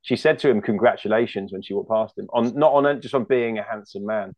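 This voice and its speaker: A man from the United Kingdom with a British accent chats casually as a guest comedian, rambling, joking and restarting often. His lowish voice is brisk. The recording has no echo and the highs are cut off.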